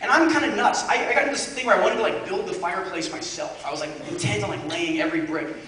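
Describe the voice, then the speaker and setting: A man telling a comic story to a live audience, rambling and animated, saying "like" often. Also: high-pitched, quick pace, a little hiss or hum. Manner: animated, rambling, heavy use of "like". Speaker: guest speaker. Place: large university event hall. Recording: echoey hall, distant mic, loud audience.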